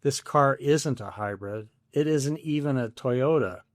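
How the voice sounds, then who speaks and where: An older man doing a quiet, hesitant security guard. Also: mid-range voice, measured pace, no room sound, studio quality, close to an everyday voice. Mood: patiently amused. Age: 70s. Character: patient adult male parking lot security guard.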